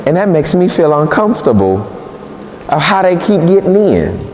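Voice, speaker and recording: A man's voice: fairly high pitch, very animated, moderate pace, darkish tone, slight background noise. A man preacher voicing Samson as a puzzled strong man, comically questioning himself, recorded in an echoey church hall. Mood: baffled.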